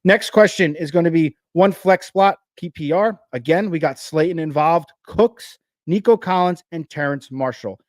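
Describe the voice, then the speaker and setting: A man with a New Jersey accent hosting a live fantasy football show, talking fast and energetically with frequent restarts. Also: fairly high pitch, no room sound, clean studio sound.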